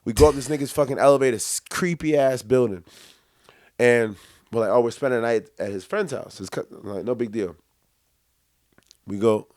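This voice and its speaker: A man's voice: medium pitch, normal speed, long pauses, a little mellow, no echo, clean studio sound. A young man co-hosting a podcast, telling a long story in casual chat, acting out quotes and laughing often. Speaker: podcast co-host.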